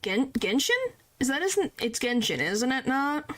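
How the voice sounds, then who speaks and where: A woman's voice: sits high, very animated, normal speed, a bit bright. A woman streamer chatting casually and giggling while she reads game dialogue aloud into a streaming microphone. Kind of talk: casual game commentary with character line reading.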